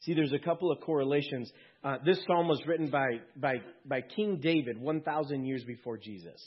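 A man preaching a sermon to his congregation in a conversational way, with quick asides and jokes. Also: on the high side, slightly rough, lo-fi sound. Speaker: pastor.

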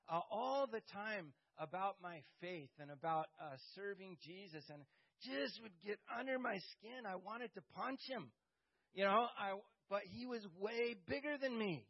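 High-voiced pastor telling a story, muffled recording. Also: male voice, breathy edge. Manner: halting, many fillers and restarts, wry humor. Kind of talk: personal storytelling to a group.

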